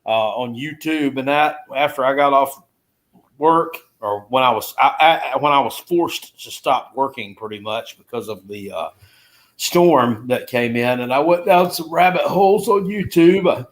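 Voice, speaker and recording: A man's voice: mid-range voice, unhurried. A man co-hosting a casual sports chat show, rambling in an easygoing way. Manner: rambling, easygoing, many fillers. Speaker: co-host.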